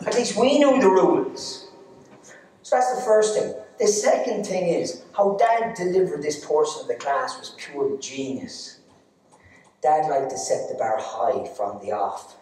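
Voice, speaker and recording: On an arts centre stage, an Irish man tells comic stories with cheeky, teasing humour. His voice is a little high and mellow, with lively intonation and a slightly slow delivery. The distant mic picks him up in an echoey hall.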